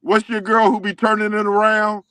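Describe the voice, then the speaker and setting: A man with a high, bright voice laughs along and eggs the others on in morning show banter. He sounds dry and close. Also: monotone, normal speed, smooth, no echo, far from the mic.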